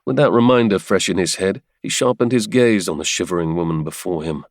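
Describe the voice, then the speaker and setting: A man narrating a romance audiobook in a measured, dramatic way. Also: low voice, dry recording, studio quality.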